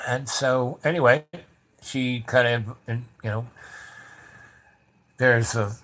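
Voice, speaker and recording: Man, casual storyteller, rambling with lots of fillers, animated when he acts out other people. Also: medium pitch, takes it slowly. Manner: rambling, many fillers and restarts. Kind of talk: casual spoken anecdote.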